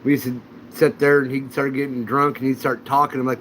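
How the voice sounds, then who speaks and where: A man's voice: medium pitch, flat delivery, fairly quick, slight background noise, poor audio. A man hosting a casual livestream chat, telling rambling anecdotes. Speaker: channel host.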